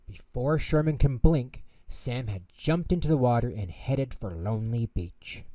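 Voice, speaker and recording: Male narrator reading a bedtime story, expressive and measured, mellow-voiced, mic a bit distant. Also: medium pitch, no echo. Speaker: storyteller host.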